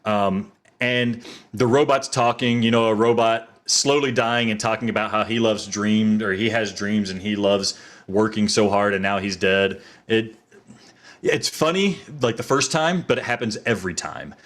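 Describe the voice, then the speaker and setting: A man's voice: fairly low pitch, normal speed, a bit bright. A man reviewing a video game in a playful mock-courtroom manner.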